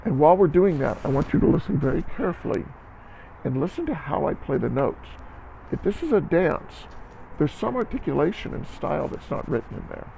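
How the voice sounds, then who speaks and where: Male band teacher, encouraging, counts beats, gravelly and a bit high. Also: sing-song, a little fast, warm tone, slight background noise, rough recording. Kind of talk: recorded music lesson for students.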